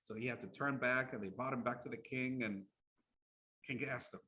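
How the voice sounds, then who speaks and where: A man giving a storytelling sermon as an Islamic lecturer, lively, often restarting his words and acting out the quotes. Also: mid-range voice, moderate pace, a little hiss or hum.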